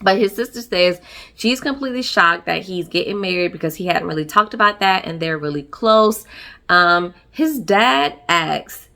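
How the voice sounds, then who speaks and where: A woman's voice: lowish voice, expressive, moderate pace, creaky, bright, forceful tone. A woman giving a sassy, chatty recap of a reality show episode, laughing often. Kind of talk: casual recap commentary.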